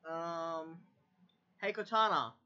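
With a bright, forceful tone and a mid-range voice, a user slowly gives a voice assistant commands, repeating them and swearing under their breath as they test it casually. It was captured on a dull lo-fi recording, with the speaker some distance from the microphone.

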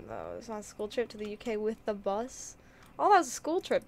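A woman's voice: medium pitch, big pitch swings, a little fast. A woman streaming a game, chatting casually in a bubbly, giggly way while reading chat aloud.

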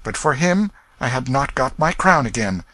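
A man voicing a young king who speaks in a commanding, measured, old-fashioned manner. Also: medium pitch, big pitch swings, pushed and bright, no room sound, voice pushed up. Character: young true king, firm yet kind.

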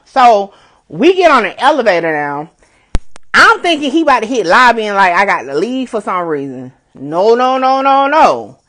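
A woman blogger telling a story in a casual, animated way, swearing freely and repeating phrases for emphasis. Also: mid-range voice, normal speed.

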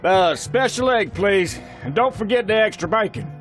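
An actor playing a jovial diner regular who loves bacon, with a bouncy, sing-song delivery. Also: male voice, sits high, animated, moderate pace, fairly bright tone, soft background music. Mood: cheerful.

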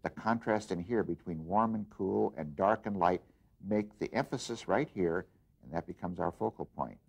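A man teaching an art lesson, explaining design principles in an unhurried way as he works, with frequent pauses and restarts. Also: low-pitched, vocal fry, husky. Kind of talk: demonstration lesson.

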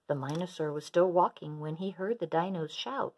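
A woman reading a children's rhyming picture book aloud in an expressive, sing-song way. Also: lowish voice, moderate pace. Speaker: storyteller.

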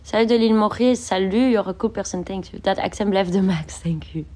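A woman's voice: mid-range voice, a little fast, darkish tone. A young woman, sick, chatting casually on a livestream from her bedroom, reading out viewer comments and laughing often.

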